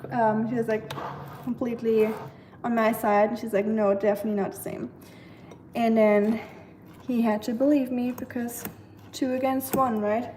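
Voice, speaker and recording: German lady cooking on stream, chatty, reads comments, laughs a lot, kinda high flat voice. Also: normal speed, slight background noise. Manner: chatty, answers viewer comments, laughs often. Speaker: live-stream host. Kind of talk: casual live-stream chat while cooking. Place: home kitchen.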